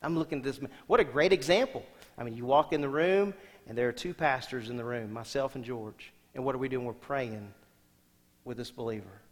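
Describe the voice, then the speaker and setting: A man preaching a sermon as senior pastor, asking the congregation questions and swinging between loud emphatic lines and quiet soft ones. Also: medium pitch, a little fast. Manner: asks the congregation rhetorical questions. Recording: long hall reverb.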